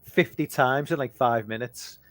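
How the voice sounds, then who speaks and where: A man's voice: medium pitch, normal speed, a bit bright, no room sound. A man co-hosting a casual movie chat stream, rambling and swearing freely with lots of restarts. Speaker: podcast co-host.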